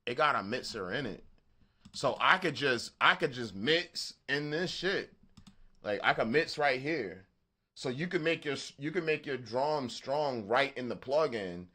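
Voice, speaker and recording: A man with a Southern accent talks to his livestream audience while making beats. His voice is bright and forward, and he rambles through restarts and loose, profane asides. His pitch sits in an ordinary middle range. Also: animated. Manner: rambling, halting, swears freely. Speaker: beatmaker livestream host. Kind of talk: casual live-stream chat.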